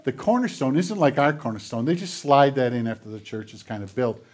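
A man preaching a sermon to a congregation, retelling scenes dramatically and dropping into quiet, hushed passages. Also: mid-range voice, very animated, brisk. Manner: dramatic retellings, drops to near whispers. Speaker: pastor. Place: church filmed on camera.

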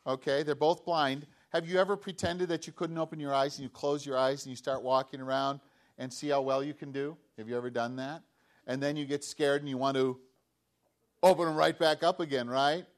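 A man preaching a children's sermon, telling a story in an animated way and asking the children questions. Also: a little high, a little fast. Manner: animated, asks children questions, acts out voices. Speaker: pastor giving a children's message.

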